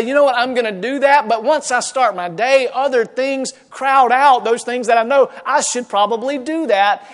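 Animated preacher, higher-pitched man. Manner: animated preaching, folksy asides, acts out quoted voices. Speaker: pastor. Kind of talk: sermon.

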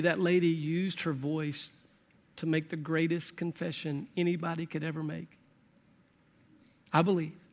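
A man preaching a sermon as a pastor and leading prayer, earnest and emphatic, repeating his phrases. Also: fairly high pitch. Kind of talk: sermon with altar call and prayer. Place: large church auditorium. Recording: long hall reverb.

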